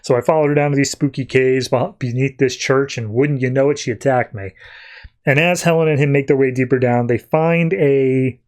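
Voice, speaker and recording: A man's voice: mid-range voice, steady tone, normal speed, darkish tone. A man hosting a podcast, recapping a comic in a loose, rambling way with many fillers and restarts. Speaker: podcast host. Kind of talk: casual comic-book recap.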